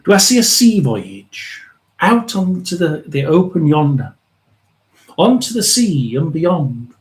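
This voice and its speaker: A man's voice: on the high side, big pitch swings, takes it slowly, rough recording. A man from England hosting a live tarot and spirit reading, musing aloud, talking to spirits and viewers, and laughing often. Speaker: psychic medium livestream host.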